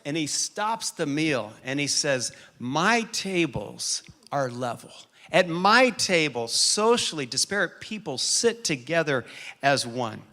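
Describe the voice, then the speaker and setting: A man preaching a sermon and telling a personal story with animated shifts in pace and loudness. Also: a little high. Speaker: pastor.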